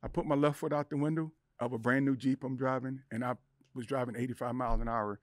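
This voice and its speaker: A man's voice: mid-range voice, steady tone, fast talker, no echo, studio quality. A middle-aged man, a podcast guest, telling an emotional personal story with intensity, acting out the voices in his head. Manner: intense, acts out inner voices and quotes.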